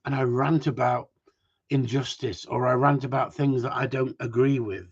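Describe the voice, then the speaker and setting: A man's voice: mid-range voice, steady tone, normal speed, slightly rough. Male dog trainer, live-stream host; rambling, sweary rants over muffled stream audio. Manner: chatty, ranting, swears casually. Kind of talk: casual live-stream chat reading viewer comments.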